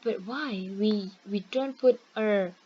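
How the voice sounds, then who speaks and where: A woman's voice: medium pitch, slow, lo-fi sound, slight background noise, close to an everyday voice. A woman voicing a curious young student who questions the teacher with a puzzled tone.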